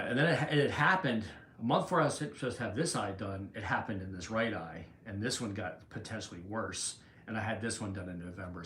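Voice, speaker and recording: Breathless, chatty man hosting his livestream, low voice, roomy echo, faint hum behind. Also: a bit bright. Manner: chatty, greets viewers by name, rambling restarts. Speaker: livestream host. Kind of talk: casual livestream chat.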